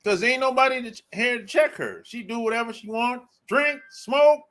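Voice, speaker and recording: A man's voice: very high voice, moderate pace, a bit bright. A man hosting a dating channel, giving a casual, blunt, slangy opinion monologue and repeating his points.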